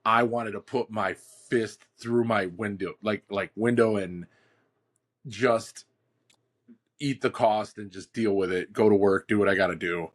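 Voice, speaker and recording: A man telling a story on a podcast in loose, casual talk. He is animated and acts out bits of the story, with "like" and "dude" all through it. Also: lowish voice, measured pace. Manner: animated, acts out quotes, says "like" and "dude" often.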